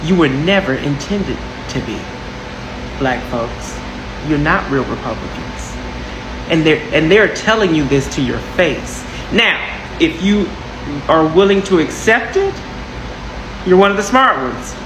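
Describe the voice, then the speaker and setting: A man's voice: on the high side, animated, a little slow. A man giving casual political commentary in a mocking, dismissive way. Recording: echoey room with air-conditioner hum.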